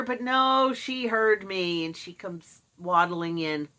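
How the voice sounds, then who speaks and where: A woman's voice: mid-range voice, level tone, slow, pushed and bright. A middle-aged woman talking casually to camera, sarcastic and mocking, putting on voices when she quotes people. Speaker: vlogger. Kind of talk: casual monologue.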